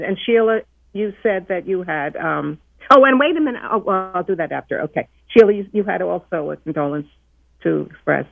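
A woman's voice: medium pitch, vocal fry, no echo, narrow, tinny audio. A woman co-hosting a radio show, chatting with some hesitations. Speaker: co-host and executive producer. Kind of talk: casual radio talk.

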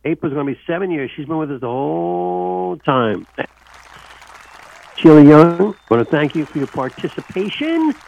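A man's voice: a little high, very animated, moderate pace, creaky, darkish tone, no room sound, a faint crowd. A man hosting a call-in radio show, joking with co-hosts and repeating welcomes. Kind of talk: casual radio talk. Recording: dull lo-fi radio sound.

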